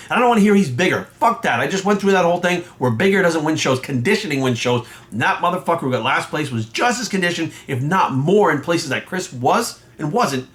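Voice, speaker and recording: Man, rapid-fire rant, swearing constantly, confrontational, slightly higher voice. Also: a bit bright. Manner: heated, profane, confrontational. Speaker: bodybuilding coach and judge. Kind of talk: profane ranting vlog monologue.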